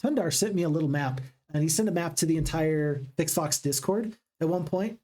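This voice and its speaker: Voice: mid-range voice, brisk, warm tone. A gaming channel host giving upbeat, casual let's-play commentary and chatting with viewers.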